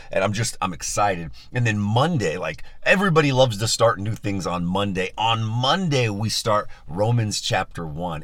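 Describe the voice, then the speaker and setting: A man's voice: on the low side, fairly bright tone, no room sound. A male pastor leading a live-streamed Bible study, upbeat and enthusiastic as he chats with his listeners, on a phone mic.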